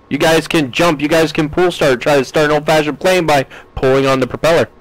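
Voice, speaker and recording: A man's voice: fairly high pitch, fairly even intonation, fairly quick, dry recording, poor audio. American man chatting on a live stream. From United States. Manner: chatty, reads chat aloud with playful jokes. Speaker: game streamer.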